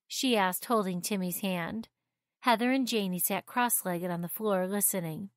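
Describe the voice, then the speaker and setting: A woman gently and expressively reading a children's story aloud. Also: medium pitch, animated, normal speed, no room sound, studio quality.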